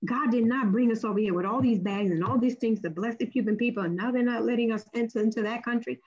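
Husky woman telling an animated faith story. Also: quick pace, lo-fi sound. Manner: acts out quoted speech with big pitch jumps. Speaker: guest sharing a testimony.

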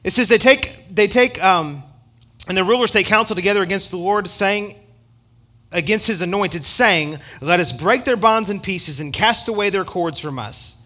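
A man's voice: high-pitched, normal speed, pushed and bright. A middle-aged man preaching a sermon in an emphatic, conversational way, with asides to the congregation. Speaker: pastor.

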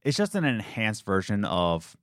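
A young man co-hosting a podcast, telling animated stories in casual chat and acting out the people he quotes. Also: lowish voice, moderate pace, dry recording, clean studio sound. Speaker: podcast co-host.

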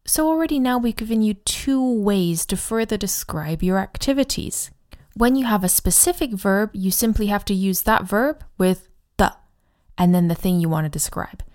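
A woman's voice: medium pitch, lively intonation, darkish tone. Woman teaching Chinese on a podcast. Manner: friendly, explanatory, models Chinese phrases slowly. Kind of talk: podcast language lesson.

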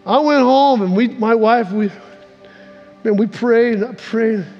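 Guy preaching, high voice, telling his story, echoey hall with soft music behind. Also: a little slow, lo-fi sound. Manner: storytelling, acts out quotes with big swings in pitch. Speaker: pastor. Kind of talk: sermon.

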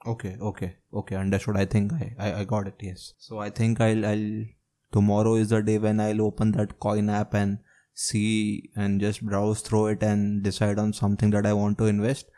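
A man's voice: fairly low pitch, monotone, moderate pace, mellow. A man hosting a casual podcast, agreeing often and asking follow-up questions. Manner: agreeable, frequent affirmations, probing questions. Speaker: podcast host.

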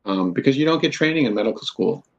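A man's voice: medium pitch, animated, quick pace, vocal fry. A man, a university professor, talking candidly and with self-deprecating humor in an interview. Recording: dull lo-fi sound.

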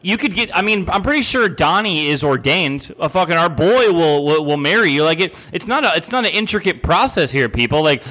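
A man's voice: a little high, lively intonation, brisk, hardly any pauses, pushed and bright. A young man co-hosting a podcast, talking casually in a rambling, profane way with many restarts. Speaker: podcast co-host. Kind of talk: casual chat.

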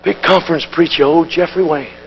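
A man preaching a live sermon, swinging from shouts to low, tired storytelling. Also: a little fast, muffled recording. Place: church with congregation. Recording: live hall recording with crowd noise.

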